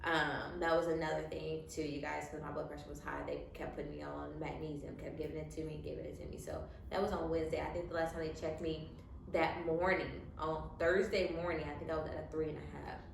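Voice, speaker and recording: A woman's voice: low-pitched, level tone, quick pace, gravelly. A young woman casually telling a personal story to her audience, using lots of fillers and quoted speech, with emotion showing through. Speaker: co-host. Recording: echoey room with faint noise.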